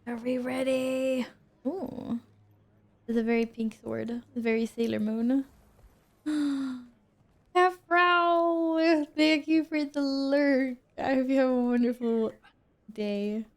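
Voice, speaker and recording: A woman's voice: sits high, steady tone, takes it slowly, warm tone. A woman streamer chatting casually while she plays a game, reading out and answering her chat and laughing often.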